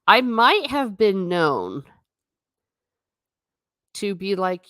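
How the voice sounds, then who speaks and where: A woman's voice: medium pitch, sing-song, extremely slow, pauses often, fairly bright tone, dry recording, clean studio sound. A woman vlogger chatting casually with her viewers, giggly and self-mocking. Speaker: travel vlogger reading live chat. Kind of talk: casual live-stream chat.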